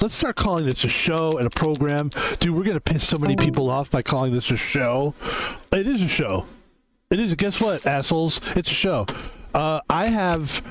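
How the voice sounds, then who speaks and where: Guy streaming poker, kinda high voice, rambly and self-mocking, says like a lot, faint hiss behind. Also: poor audio. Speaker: game streamer. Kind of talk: casual live-stream commentary.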